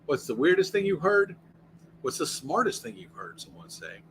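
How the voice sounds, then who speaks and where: A man's voice: a little high, very animated, moderate pace, fairly bright tone, a little hiss or hum, low-quality recording. An American man hosting a casual livestream from inside his RV, rambling and answering the chat as he goes. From United States. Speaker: livestream host.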